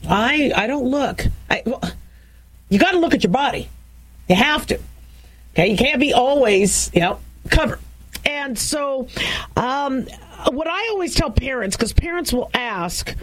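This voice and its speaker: A woman's voice: sits high, expressive, unhurried, pauses often, low-quality recording. Frank, chatty woman talk host. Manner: frank, chatty, many restarts and asides. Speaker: talk show host, doctor. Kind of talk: casual talk radio monologue.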